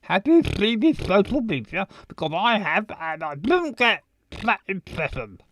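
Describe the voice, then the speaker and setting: Blunt teasing bestie in a game, slow lively delivery, dry sound. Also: female voice, mid-range voice, a little hiss or hum, low-quality recording. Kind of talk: game voice acting.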